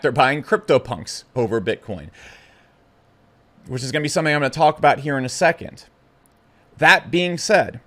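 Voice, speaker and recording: A young man talking bluntly and excitably to camera about the markets, stumbling over his words. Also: mid-range voice. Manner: blunt, brash and excitable, with stutters and restarts. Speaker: crypto commentator. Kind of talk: casual opinionated talk to camera.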